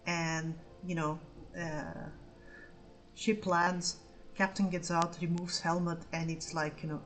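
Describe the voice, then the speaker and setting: A woman's voice: low-pitched, poor audio. A woman in her forties chatting casually on an art stream while she paints. She rambles and swears freely.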